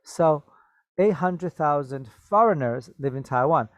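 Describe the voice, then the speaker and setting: A male English teacher with a middle-pitched voice talks slowly and patiently. He repeats each word and keeps checking that his students follow with a quick "okay?". He is recorded close to the mic in a dry room with no echo. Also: lively intonation, lo-fi sound. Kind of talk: classroom vocabulary lesson.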